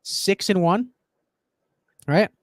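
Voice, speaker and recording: An excitable man hosting a sports betting chat. He rambles and swears while he pushes his picks. His voice sits fairly high and sounds dry and close. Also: very slow, dry recording. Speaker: podcast host and betting tipster.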